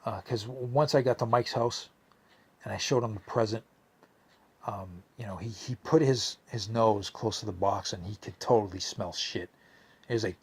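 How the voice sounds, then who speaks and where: A young man hosting a podcast rambles through a story in a casual monologue, cursing, a little drunk and slurring his words. His voice is on the low side with a breathy edge, moving at a moderate pace amid many fillers and restarts.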